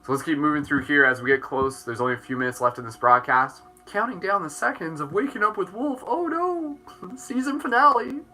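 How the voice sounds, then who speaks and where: A man leading a guided chakra meditation as host, gentle and jokey, with playful dad-joke asides. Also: on the high side, animated, fast talker, hardly any pauses.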